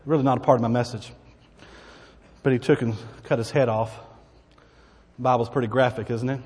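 A man's voice: mid-range voice, steady tone, fairly quick, pauses often, a little mellow, slightly rough, in a large hall. A man preaching a sermon, reading Bible verses dramatically and adding asides to the congregation. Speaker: pastor.

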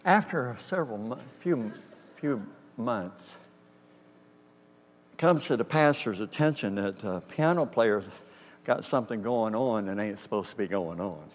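A man's voice: on the low side, expressive, measured pace. A man preaching a storytelling sermon in a conversational way, acting out dialogue and asking the congregation if they hear him. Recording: reverberant hall with faint hum.

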